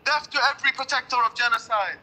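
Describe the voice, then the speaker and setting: A man's voice: very high-pitched, fast talker, bright, forceful tone, rough recording. A man calling into a live stream, ranting and repeating phrases in a heated argument over call audio. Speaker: caller.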